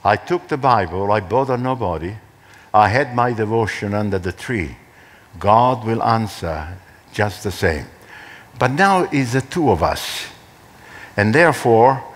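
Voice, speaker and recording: An older man preaching as a pastor, telling a personal story and acting out quoted dialogue with animated shifts. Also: on the low side. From Australia. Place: church hall. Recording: church hall with long reverb.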